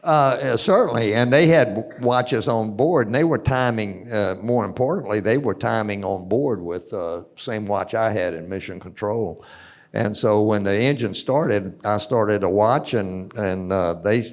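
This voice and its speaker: An older man with a Southern US accent tells a long story on stage, halting often with filler sounds. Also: on the low side. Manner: halting, many uh fillers, slow drawl. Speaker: astronaut guest.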